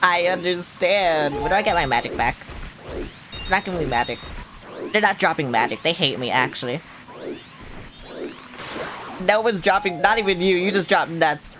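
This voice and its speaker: A woman's voice: lowish voice, expressive, moderate pace, long pauses. A young woman streaming a video game at home, chatting casually with the game, swearing now and then. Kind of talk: live gameplay commentary. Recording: game music playing underneath.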